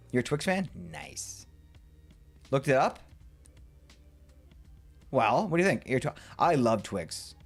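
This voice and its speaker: Male streamer, lively swooping pitch, excitable rambling chatter, playful rants, asides muttered to himself. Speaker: live streamer. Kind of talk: casual livestream chat while building in a game.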